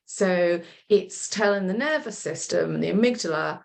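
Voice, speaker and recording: A woman coach leading a group session over a video call, guiding a relaxation exercise in a gentle, encouraging, chatty way. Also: lowish voice, normal speed, gravelly. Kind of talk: guided relaxation instruction.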